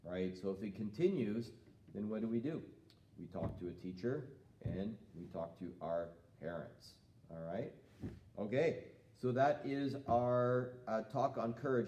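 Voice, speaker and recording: A man teaching a children's jiu-jitsu lesson in a calm, patient way, asking the student questions. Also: mid-range voice, roomy sound, a little hiss or hum. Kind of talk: live-streamed kids' lesson. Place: martial arts school.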